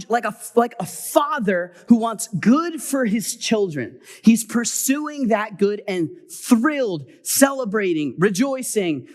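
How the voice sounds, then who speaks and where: A middle-aged man preaching a sermon as pastor, telling a personal story with animated swings between loud exhortation and quiet, hurried asides. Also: sits high.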